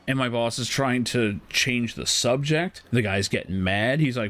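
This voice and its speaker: A man's voice: mid-range voice, normal speed, few pauses, a bit bright, soft background music. A man streaming a game, casually telling a story with frequent laughs and swearing. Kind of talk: casual storytelling while gaming.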